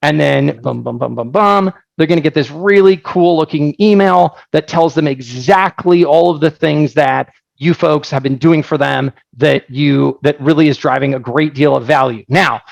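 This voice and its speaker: A man presenting his software on a live webinar, energetic and joking, telling stories with lots of asides. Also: a little high, normal speed, vocal fry, no room sound, rough recording. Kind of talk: casual live product presentation.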